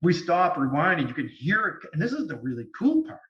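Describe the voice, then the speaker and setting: Man on a call telling a story, kinda high voice, echoey far away dull audio. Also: a little fast. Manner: animated, lively storytelling. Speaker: guest medium. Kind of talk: storytelling interview. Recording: distant, echoey, dull sound.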